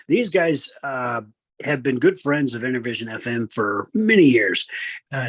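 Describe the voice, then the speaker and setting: An older male host works through sponsor reads in a loose, rambling way, padding them with fillers and poking fun at himself. His voice is slightly husky, and it sounds close and dry. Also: mid-range voice, dry recording. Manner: rambling, self-deprecating, lots of fillers. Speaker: radio host. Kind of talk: casual talk show hosting and sponsor reads.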